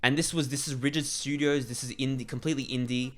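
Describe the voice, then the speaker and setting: A man's voice: medium pitch, steady tone, fast talker, a bit bright. A man giving a casual spoken movie review, rambling with frequent restarts.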